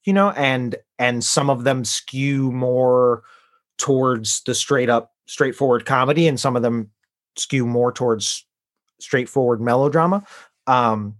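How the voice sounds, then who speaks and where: A man's voice: medium pitch, unhurried. A man co-hosting a podcast, chatting casually and rambling, with lots of fillers as he searches for words. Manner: rambling, many fillers and restarts. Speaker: podcast co-host. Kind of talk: casual chat.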